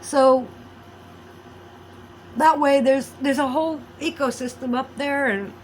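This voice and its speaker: Woman, rambling vlog monologue, loud outbursts then low mutters, faint hiss behind. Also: fairly even intonation, slow pace, low-quality recording. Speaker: vlogger.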